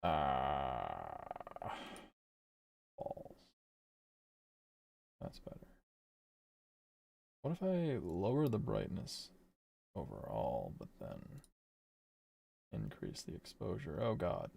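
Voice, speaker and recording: A man's voice: extremely low pitch, huge pitch swings, drawn-out words, gravelly, pauses often, darkish tone, slight background noise. A man streaming casually while he works, thinking aloud in a rambling way that corrects itself, swearing and laughing often.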